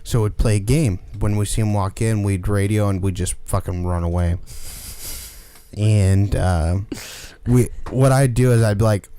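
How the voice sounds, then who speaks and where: A man's voice: on the low side, normal speed, warm tone, smooth, no echo. A man co-hosting a podcast, bantering in a laid-back, profane way. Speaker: podcast co-host. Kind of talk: casual chat.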